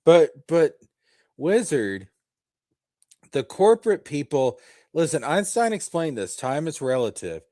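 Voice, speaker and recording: A man's voice: a little high, very animated, measured pace, pauses often, mellow, dry recording, studio quality. A man co-hosting a casual podcast chat, ranting in a fired-up, profane way. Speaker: podcast co-host.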